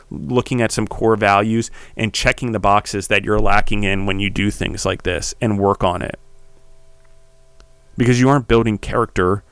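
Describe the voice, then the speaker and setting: A man hosting a podcast, delivering a heated, preachy solo monologue that swears and builds to shouting. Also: on the low side, smooth, no room sound. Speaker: podcast host.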